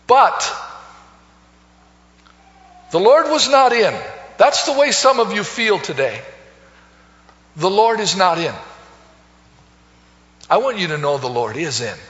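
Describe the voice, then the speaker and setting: A man preaching a sermon, swinging between soaring loud calls and hushed low phrases and repeating words. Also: sing-song, takes it slowly, pauses often. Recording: echoey hall, dull lo-fi sound.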